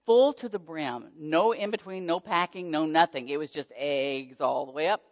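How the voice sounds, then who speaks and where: A woman telling a personal faith testimony in an animated storytelling manner. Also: low-pitched, moderate pace. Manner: animated storytelling, squealing excited quotes. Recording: dull muffled sound with long hall reverb.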